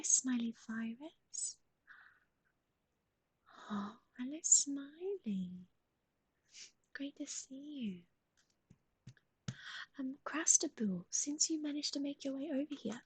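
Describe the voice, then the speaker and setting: A woman hosting a pet livestream in a whispered voice, cooing soft baby talk to her animal while chatting with viewers. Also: sits high, no echo. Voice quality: breathy whisper. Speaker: livestream host.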